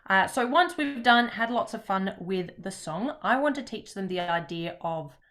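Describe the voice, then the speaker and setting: A woman presenting to teachers in an online session, talking in a relaxed, chatty way with frequent pauses. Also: mid-range voice, slight background noise.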